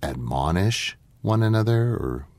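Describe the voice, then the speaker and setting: A man co-hosting a Christian talk show, thoughtful and often pausing with ums as he draws on Scripture. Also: fairly low pitch, sing-song, a little mellow, no room sound. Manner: thoughtful, pauses with many ums, quotes Scripture. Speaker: co-host.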